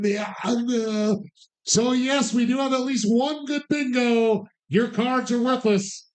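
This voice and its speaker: A man's voice: high-pitched, a little slow, darkish tone. A man hosting bingo night at a bar, calling numbers and joking with the crowd in a sarcastic, loose, profane way. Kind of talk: casual live hosting with banter. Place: bar, live event.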